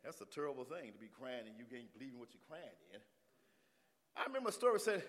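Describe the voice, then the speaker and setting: A man preaching a sermon, moving from easy talk to shouted, rising calls and back. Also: mid-range voice, sing-song, fast, in a large hall. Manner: builds from talk to shouting, call and response. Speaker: pastor.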